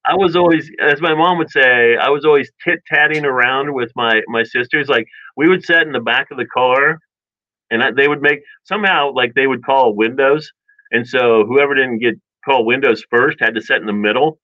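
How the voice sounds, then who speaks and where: A man casually telling childhood stories in a rambling, animated way, with many restarts and chuckles. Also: medium pitch, moderate pace, no echo. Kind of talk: casual storytelling chat. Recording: dull dry lo-fi sound.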